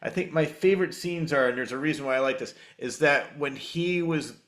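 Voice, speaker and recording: A man's voice: on the high side, fairly quick, fairly bright tone. A man hosting a podcast in casual chat, enthusiastically plugging channels and telling stories. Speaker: podcast host.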